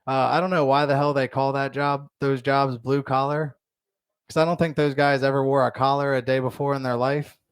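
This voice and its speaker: A man's voice: mid-range voice, flat delivery, normal speed, clean tone, no echo. A young man doing a stand-up comedy set in a bar, telling crude stories in a loose, rambling way full of fillers.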